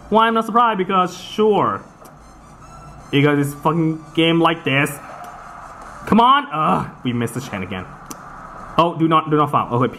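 A man offers casual let's-play commentary over a soccer video game, his voice sitting on the high side against slight background noise. He is excitable, quick to swear and groan at what happens in the game.

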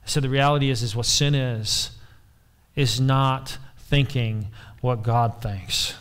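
A man's voice: medium pitch, steady tone, slow pace, fairly bright tone, clear, resonant tone. A man preaching a sermon as pastor, emphatic, repeating key phrases and putting questions to the congregation.

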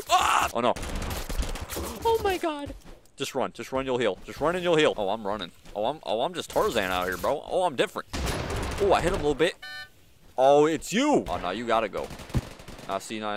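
Young male gaming creator, very animated pitch, slangy hype commentary, faint game noise under. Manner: hyped, slangy, jumps from mumbling to sudden yelps. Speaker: gaming YouTuber. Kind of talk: excited gameplay commentary.

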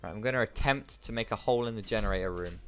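Excitable man playing a game. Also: fairly low pitch, racing, faint music behind. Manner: excitable, yelps and laughs at mishaps. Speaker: gamer co-playing a prison game. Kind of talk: casual gaming chat.

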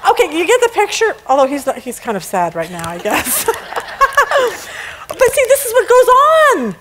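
A woman teaching a casual Bible study lesson, animated, often laughing and acting out little scenes. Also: very high voice, measured pace, noisy background.

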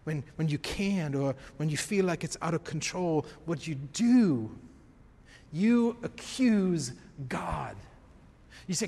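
A man preaching a sermon as pastor, emphatic, swinging from quiet to raised. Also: a little high, animated, slow, creaky, slightly rough, in a large hall. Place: church.

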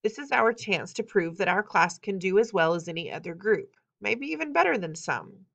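A woman's voice: medium pitch, sing-song, normal speed, creaky, a bit bright, dull audio, full character voice. A woman reading the lines of an earnest male teacher rallying his class in a storybook reading.

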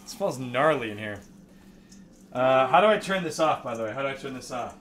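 A tipsy man hosting a live cooking stream from his home kitchen, excitable, swearing and reading chat aloud. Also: medium pitch, a little fast, a little hiss or hum. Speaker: streamer host. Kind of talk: casual cooking stream banter.

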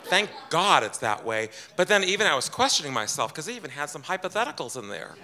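A man with a very bright, ringing voice tells a personal story to a live audience. He is chatty and self-deprecating, and he slips into quoted lines of dialogue in his own voice. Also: on the high side, big pitch swings, fast talker, some chatter behind. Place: event room with audience.

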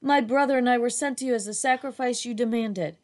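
A woman's voice: on the high side, brisk, darkish tone, pitched above the performer's own voice, natural voice. A woman reading aloud, voicing a frightened little girl who pleads before a tiger spirit. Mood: pleading. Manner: trembling, pleading.

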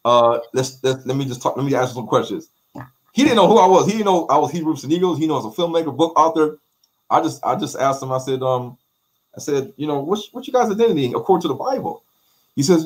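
A man with an African American English accent, a guest in an interview, telling stories in an animated way, repeating phrases and acting out quotes. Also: on the high side, fast talker. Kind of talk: animated conversational storytelling.

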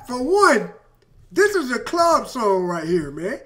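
A man's voice: very high voice, huge pitch swings, slow pace. A young man hosting a music reaction video, talking in hyped, slangy bursts and exclamations. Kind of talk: excited music reaction chat. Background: loud hip hop track playing.

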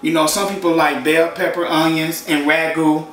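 A man's voice: fairly high pitch, little pitch movement, moderate pace, a bit bright. A man hosting a home cooking show, chatting casually and talking the viewer through each step in his kitchen. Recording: echoey kitchen, far from mic, sizzling noise. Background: frying and sizzling from the pan.

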